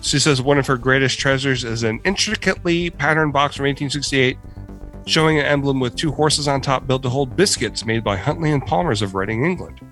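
A man's voice: medium pitch, a little fast, fairly bright tone, soft background music. A man co-hosting a casual podcast, reading an odd news story in a laid-back way and swearing now and then. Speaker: podcast co-host.

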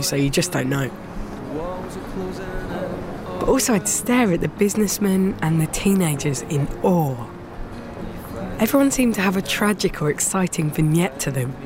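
An actress playing an awkward, chatty young Englishwoman with an Estuary accent, who rambles and puts herself down, both in scenes and in voice-over narration. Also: on the low side. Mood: wry. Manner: chatty, rambling, self-deprecating. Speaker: lead character and narrator. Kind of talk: TV comedy acting with voice-over narration.

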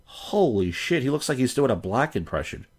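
A man's voice: mid-range voice, very animated, moderate pace, husky. A man streaming crude, rambling commentary over video clips.

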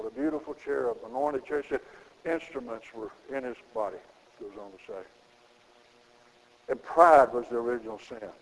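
A middle-aged man preaching a sermon, folksy, with sudden high emphatic rises in his gravelly voice. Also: big-room sound, rough recording.

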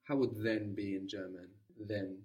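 A man's voice: fairly low pitch, little pitch movement, unhurried, a little mellow, far from the mic, lo-fi sound. A man teaching a guided language lesson, patiently prompting his student with questions.

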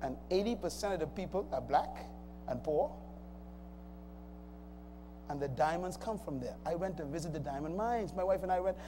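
A pastor preaches a sermon in an emphatic call-and-response style, calling out to his congregation. His voice is a little high and expressive, delivered at normal speed with long pauses. The recording carries a long hall reverb and faint noise.

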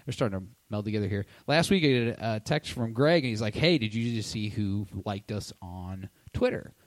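A man's voice: on the low side, lively intonation, fairly quick, no echo. A young married man co-hosting a podcast, chatting casually and chiming in with jokes. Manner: jokey, chimes in with quips. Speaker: podcast co-host. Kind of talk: casual chat.

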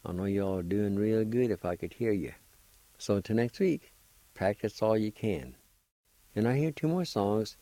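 A man hosting a pronunciation lesson, sounding out words syllable by syllable and repeating them slowly. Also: lowish voice, dark tone, no room sound. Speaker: language teacher and radio host.

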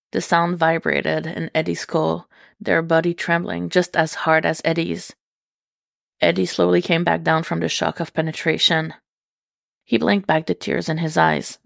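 A woman reads fiction aloud in a slightly low, heavily gravelly voice. Her narration is measured and unhurried. The recording is dry and close, with no room sound. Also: no echo. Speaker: reader.

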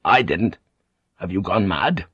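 A man voicing a calm, commanding male ship's pilot who speaks quietly and firmly. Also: sits low, slow, slightly rough, no echo, muffled recording, exaggerated voice. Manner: quiet, firm.

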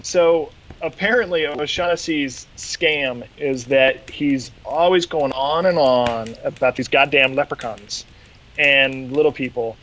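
In a medium-pitched voice and at a slightly slow pace, a podcast host chats casually while retelling an episode, animatedly acting out quotes. The recording sounds rough.

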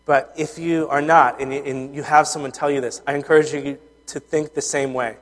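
A man preaching a sermon as a pastor, earnest and conversational, often pausing with fillers and restarting his sentences. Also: on the high side, flat delivery, big-room sound.

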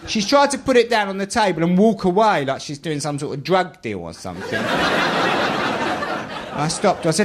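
With a high, very animated voice at a moderate pace, this southeast London man performs stand-up, spinning comic stories with dry, mock-posh remarks. Afterward he hosts a group chat, and crowd laughter can be heard in the background.

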